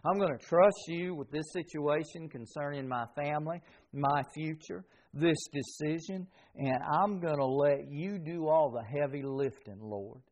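A man preaching a sermon as pastor, swinging between loud emphasis and soft, quiet passages. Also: a little high, measured pace, hardly any pauses, slight background noise. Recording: dull lo-fi sound.

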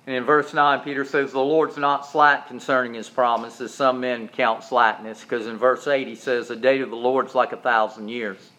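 A man preaching a sermon as pastor, shifting from loud, raised preaching to low, quiet storytelling. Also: flat delivery, moderate pace, few pauses. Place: church.

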